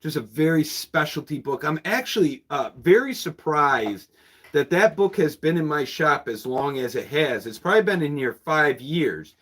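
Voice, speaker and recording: A man's voice: on the high side, very animated, moderate pace, fairly bright tone. A man who runs a used bookshop, chatting casually and at a rambling pace with viewers on a livestream, chuckling often.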